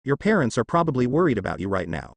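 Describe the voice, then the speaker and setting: A man voicing a kind young ninja hero in a read-aloud fan story, gentle and reassuring. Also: mid-range voice, big pitch swings, fast, no room sound.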